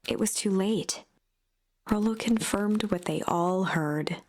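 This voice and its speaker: Woman narrating a storybook game. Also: mid-range voice. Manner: even, measured storytelling, chatty asides to chat. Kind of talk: read-aloud storybook narration.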